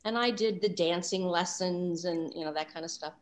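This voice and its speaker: A woman of sixty from Los Angeles, a guest voice actor talking about her career in an animated, enthusiastic way with frequent fillers. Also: fairly low pitch, moderate pace. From Los Angeles, USA. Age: 60s. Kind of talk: casual interview chat.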